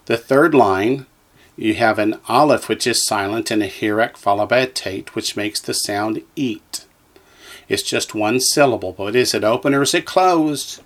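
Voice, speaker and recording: Slow, patient man teaching letters. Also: on the low side. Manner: patient, spells out each letter for the listener to echo. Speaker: Hebrew teacher. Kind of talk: slow, careful lesson reading from a textbook.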